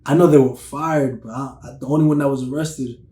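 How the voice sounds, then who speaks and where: A young man in his twenties chatting casually on a podcast, animated and profane, acting out stories in voices. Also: mid-range voice, fairly quick. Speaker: podcast host. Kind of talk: casual chat. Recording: echoey room.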